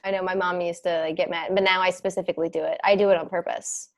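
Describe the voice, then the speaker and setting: A woman's voice: lowish voice, little pitch movement, fast talker. A young woman hosting a podcast in casual chat, laughing often, swearing freely and saying "like" a lot. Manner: giggly, swears freely, lots of "like". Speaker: podcast host.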